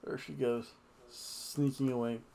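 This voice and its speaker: A man's voice: medium pitch, flat delivery, measured pace, creaky, dark tone, slight background noise. A man hosting a casual wrestling review, talking in a rambling, offhand, jokey way with asides. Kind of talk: casual wrestling recap chat.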